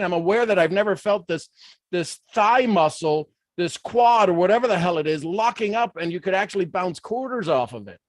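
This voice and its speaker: A man from Ohio giving a motivational talk in an animated, folksy way with playful asides. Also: high-pitched, a little fast, no echo, studio quality. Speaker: motivational speaker.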